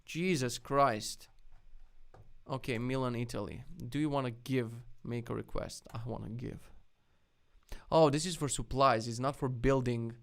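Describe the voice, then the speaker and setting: A man's voice: medium pitch, measured pace, creaky. A man casually live-streaming as he reviews web projects, blunt and mocking, swearing freely. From lives in Poland.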